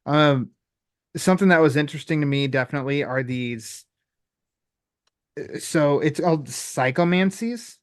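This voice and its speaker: A man's voice: on the high side, normal speed, pauses often, no echo, clean studio sound. Easygoing man hosting a podcast. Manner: loose and conversational, many likes and you-knows. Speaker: podcast host. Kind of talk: casual podcast chat.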